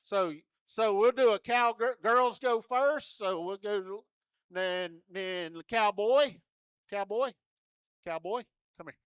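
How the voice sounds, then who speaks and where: A man entertaining a rodeo crowd with a strikingly high voice. He talks slowly and clearly, folksy and joking as he coaxes children along. The sound is close and dry. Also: fairly bright tone, no echo. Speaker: rodeo entertainer running a kids' contest. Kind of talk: lively arena crowd-work. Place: rodeo arena.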